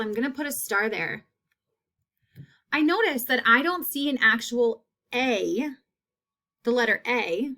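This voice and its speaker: A woman teacher giving a phonics lesson, repeating each word slowly and clearly. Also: on the high side, bright, forceful tone.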